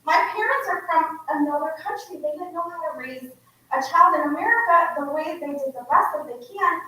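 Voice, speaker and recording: A high, bright-voiced woman in her forties, originally from Laos, speaks off the cuff at an indoor event in a heartfelt, emotional, conversational way. She stands well back from the microphone, so her voice rings through an echoey hall. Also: a little fast, recorded from a distance, a little hiss or hum. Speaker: guest author speaking at an event. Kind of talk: unscripted personal storytelling. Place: indoor museum exhibit event.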